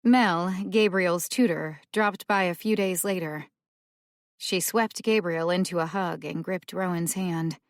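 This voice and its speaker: A woman reading a mystery audiobook as narrator, in a slow, even manner. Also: lowish voice, no echo, clean studio sound. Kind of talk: scripted narration.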